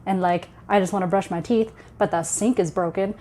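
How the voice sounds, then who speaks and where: A woman's voice: on the low side, steady tone, brisk, dark tone, slight background noise, lightly acted. Woman voicing clumsy anxious comic teen boy; flustered, self-deprecating.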